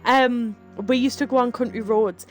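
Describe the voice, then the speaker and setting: A woman's voice: on the high side, fairly even intonation, normal speed. A woman, chatting casually with her live chat, laughing often and telling rambling stories. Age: 30s. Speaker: streamer.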